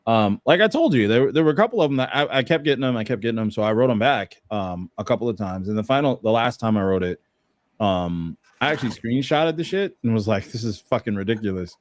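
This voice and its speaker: A man co-hosting a podcast, explaining things in a relaxed, halting way with lots of "um"s. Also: lowish voice, dry recording. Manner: relaxed, halting, many fillers. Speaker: podcast co-host. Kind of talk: casual chat.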